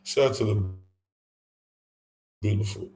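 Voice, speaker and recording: A man's voice: fairly low pitch, steady tone, a little slow, a little mellow. A man hosting a casual livestream, ranting with heavy profanity and reading chat comments aloud. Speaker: livestream host. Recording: echoey room, voice from far off.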